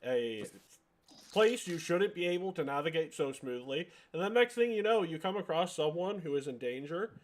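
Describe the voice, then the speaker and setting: A man's voice: a little high, lively intonation, moderate pace. A man narrating a tabletop game as game master, rambling with many fillers.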